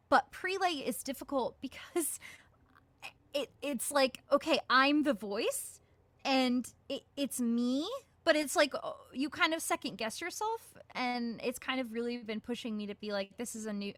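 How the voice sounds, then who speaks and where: Bright, chatty woman voice actress. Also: on the high side, normal speed, no echo. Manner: chatty, lots of "like" and "um" fillers, acts out her own quoted thoughts. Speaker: guest voice actress. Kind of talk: casual interview answers.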